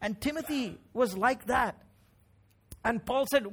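Middle-aged pastor, man, higher-pitched, chatty yet emphatic preaching. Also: slow, husky. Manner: conversational, emphatic preaching with frequent tag questions. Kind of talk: sermon.

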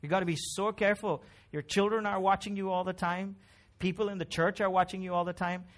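Man, pastor, high voice, emphatic conversational sermon. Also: steady tone, brisk. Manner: conversational, emphatic preaching with frequent tag questions.

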